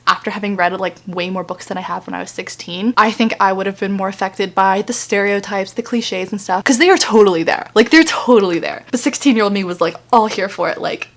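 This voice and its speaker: A woman's voice: medium pitch, brisk, hardly any pauses. A woman of twenty-two chatting casually at home on her couch, reading out book reviews with lots of "like". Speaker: book vlogger.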